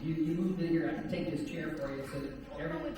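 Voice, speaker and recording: A man working a stage hypnosis show with slow, repeating, soothing patter and playful teasing. His voice sits a little high for a man. It comes from far off the mic in a reverberant hall with a crowd audible behind him. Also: big pitch swings. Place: stage at a campground event. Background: audience laughing.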